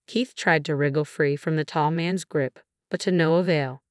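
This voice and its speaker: A woman narrating a first-person story in an even, steady storytelling manner. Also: deep voice, normal speed, no echo, clean studio sound.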